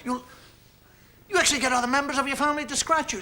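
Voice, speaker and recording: A man's voice: very high voice, fast talker, a crowd in the background. A man doing a stand-up comedy monologue, chatting playfully and acting out everyday gestures for a studio audience.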